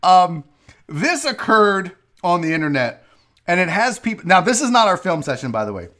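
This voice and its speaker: A man's voice: high-pitched, very animated, normal speed, pushed and bright. A man hosting a casual live-stream show, ranting with profanity while a bit tipsy from drinking. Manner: profane, rambling rants. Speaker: show host.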